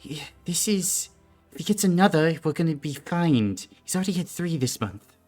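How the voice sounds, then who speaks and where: A woman game master voicing a middle-aged dwarven mother who apologizes quickly and fusses over her guests. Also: low-pitched, big pitch swings, darkish tone, soft background music, voice pushed up. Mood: apologetic.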